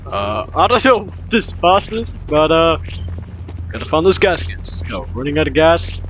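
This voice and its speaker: A man's voice: fairly high pitch, very animated, moderate pace, background noise. A young man casually commenting on his game as he plays, rambling and repeating himself, with sudden startled outbursts. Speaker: gaming commentator.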